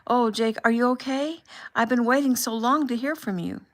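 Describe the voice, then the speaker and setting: A woman's voice: moderate pace, close to an everyday voice. Woman doing an eager, emotional young wife. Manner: excited, higher and louder.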